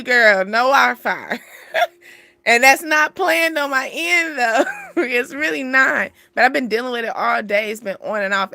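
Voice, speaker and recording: A young woman hosting a casual spiritual reading, chatty and animated, laughing often. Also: sits high, vocal fry, no room sound. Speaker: spiritual channel host giving a reading.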